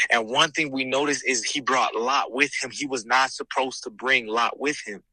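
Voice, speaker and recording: A young man from California shares his faith journey in an earnest, animated voice that slips into preacher-like emphasis. His tone is bright and forceful, and the recording is dry and close. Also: mid-range voice, normal speed, few pauses, husky, no room sound, rough recording. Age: young adult. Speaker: guest, host's son. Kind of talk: casual faith conversation.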